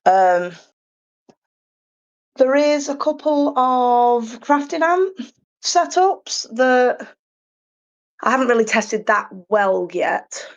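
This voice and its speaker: A woman guest chats on a podcast in a loose, rambling way. She fills her pauses with ums and pokes fun at herself. The recording sounds a little dull and lo-fi. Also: sits high, lively intonation. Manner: chatty, self-deprecating, many ums. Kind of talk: casual podcast chat. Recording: slightly muffled lo-fi sound.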